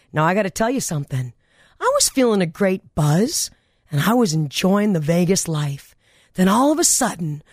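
A woman's voice: medium pitch, a little mellow, dry recording. Chatty woman radio host, dry studio sound. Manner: chatty, enthusiastic storytelling. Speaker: radio talk show host. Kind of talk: casual radio monologue.

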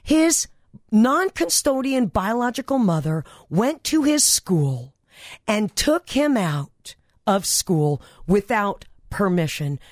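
Woman radio host, chatty and enthusiastic, mid pitch, dry booth sound. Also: very animated, takes it slowly, no room sound. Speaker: radio talk show host. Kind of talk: casual radio monologue.

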